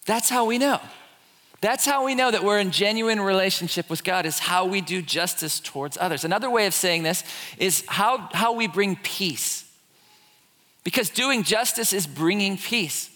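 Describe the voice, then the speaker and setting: A man preaching from the pulpit in a high, bright voice, animated and playful as he acts out the voices of complainers. His words ring out with the long reverb of a church hall. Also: normal speed. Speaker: pastor. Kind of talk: sermon. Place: church sanctuary.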